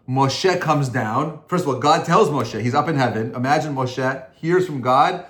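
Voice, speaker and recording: Animated rabbi in an echoey room. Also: male voice, medium pitch, normal speed, few pauses. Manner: animated, conversational, rising to emphatic peaks. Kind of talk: informal Torah class.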